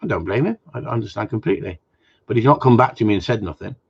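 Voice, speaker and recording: A man's voice: mid-range voice, sing-song, fast talker, creaky, a little mellow, slightly rough, highs cut off. A man who trains dogs, hosting a live Q&A and answering viewers' comments in a blunt, jokey way, swearing freely as he goes.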